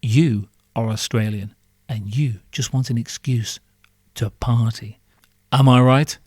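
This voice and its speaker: A man hosting a podcast, ranting in a sarcastic, sweary comic monologue full of rhetorical questions. His mid-pitched voice is recorded close and dry, with no room sound. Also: steady tone, slow, a little mellow, no echo. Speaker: podcast host.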